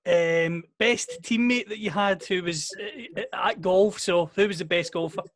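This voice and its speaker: A man interviewing a guest, firing off quick, brisk questions. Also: high-pitched, a bit bright.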